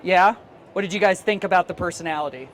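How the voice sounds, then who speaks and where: A man's voice: sits high, rapid-fire, fairly bright tone, slight background noise. A man giving a live conference workshop talk in a casual, chatty way, laughing easily as he talks to the room. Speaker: teacher trainer and conference presenter.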